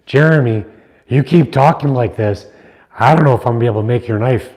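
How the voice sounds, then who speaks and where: On a livestream, a middle-aged knife maker chats and rambles casually with his viewers, teasing them as he goes. His mid-range voice is a little mellow, and he talks briskly.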